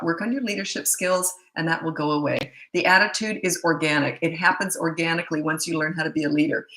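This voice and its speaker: Middle-aged woman, parenting coach, blunt and opinionated, lowish gravelly voice, echoey room. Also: sharp tone. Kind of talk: casual Q&A talk to camera.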